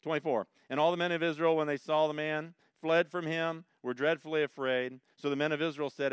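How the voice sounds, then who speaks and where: A man's voice: fairly high pitch, moderate pace, hardly any pauses, a bit bright, clear, resonant tone, no room sound, clean studio sound. A man preaching a sermon verse by verse, explaining the scripture and breaking into emphatic bursts. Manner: expository, rising to emphatic bursts. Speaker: pastor.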